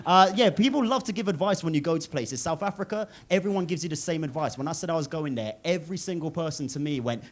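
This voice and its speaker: Recorded live in a noisy comedy club over audience laughter, this Englishman in his twenties does stand-up, teasing the crowd and swearing freely. His pitch is fairly high and he talks fast with few pauses.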